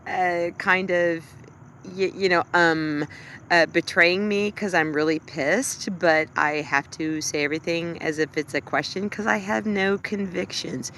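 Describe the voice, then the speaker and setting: A co-host doing a sulky politician woman who ends every line like a question, halting and full of "um"s, in a gravelly voice over a faint hiss. the gravel comes from a co-host mocking her. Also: medium pitch, fairly even intonation, bright, forceful tone. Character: whiny female politician, vague upspeak.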